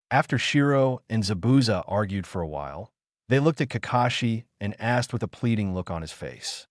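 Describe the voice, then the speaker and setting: A man narrating a translated web novel audiobook in an animated storytelling manner. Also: on the low side, normal speed, no echo, studio quality.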